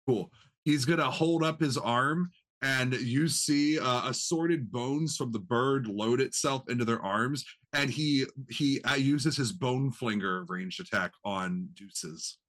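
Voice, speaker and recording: A man's voice: medium pitch, slow. A man running a tabletop game as game master, explaining rules and narrating the enemy's moves. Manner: animated, explains rules, voices reactions.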